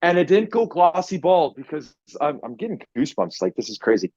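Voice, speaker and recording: Animated swearing man telling a story. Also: a little high, brisk, no echo. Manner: animated, swears a lot, acts out quotes loudly. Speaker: podcast guest. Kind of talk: casual storytelling. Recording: dry, dull lo-fi podcast audio.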